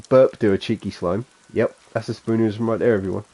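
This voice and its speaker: A man with a broad Suffolk accent talks through his game stream in a low, mellow, slightly husky voice. He rambles and mocks himself, chuckling along the way. The talk is loose and unscripted. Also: expressive, fast talker. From England. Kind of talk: casual gameplay chat.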